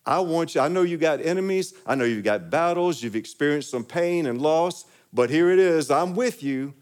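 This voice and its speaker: A man's voice: a little high, animated, normal speed, a little mellow. A man preaching a sermon, leading the congregation in call-and-response and building to emphatic peaks. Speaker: pastor.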